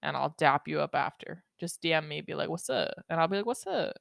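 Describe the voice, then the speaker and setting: A woman's voice: low-pitched, fairly even intonation, a little fast, creaky, no room sound, studio quality. A woman hosting a solo podcast, rambling and joking with lots of swearing and laughter. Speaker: podcast host. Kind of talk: casual solo podcast monologue.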